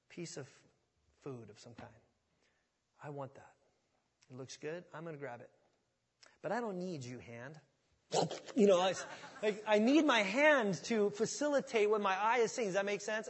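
A male pastor delivers a relaxed, conversational sermon, checking in with the congregation as he goes. His voice sits high and has a husky edge. The sound carries the long reverb of a church sanctuary. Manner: conversational, asks the congregation questions.

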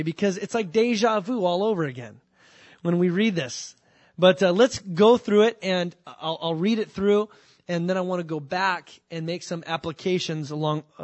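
A man preaching a sermon in a conversational, animated way, with restarts and asides. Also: fairly high pitch, no echo. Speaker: pastor.

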